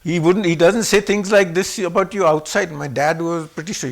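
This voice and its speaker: A man in his seventies from Pakistan, telling personal stories in an animated way and shifting his voice to act out what others said. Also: on the high side, moderate pace, vocal fry. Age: 70s. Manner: animated, acts out quoted speech with shifts in voice. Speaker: guest speaker. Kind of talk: personal storytelling.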